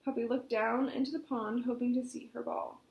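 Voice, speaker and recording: A woman reading a children's storybook aloud at a storytime, expressive and animated. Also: fairly high pitch, normal speed, creaky. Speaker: storytime reader. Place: library. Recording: echoey room.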